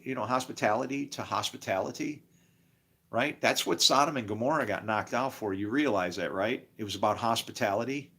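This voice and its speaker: A man's voice: medium pitch, vocal fry, pushed and bright. A man talking casually on a live stream, rambling from story to story and chuckling often, with preachy asides. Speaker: livestreamer.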